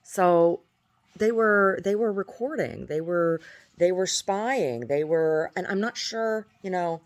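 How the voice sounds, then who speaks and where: A woman's voice: on the low side, takes it slowly. Rambling aggrieved woman. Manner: rambling and aggrieved, often restarting phrases. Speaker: video diarist. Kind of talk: casual video diary.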